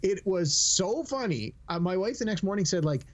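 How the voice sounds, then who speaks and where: A high-voiced man speaking at normal speed co-hosts a casual podcast chat, animatedly telling stories and acting out the lines people said.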